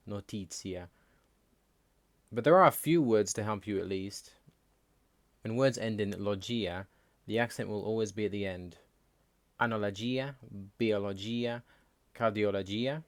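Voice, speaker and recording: A man hosting a language channel, reading a scripted explainer in a plain, measured way. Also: on the low side, no echo. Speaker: language learning channel host.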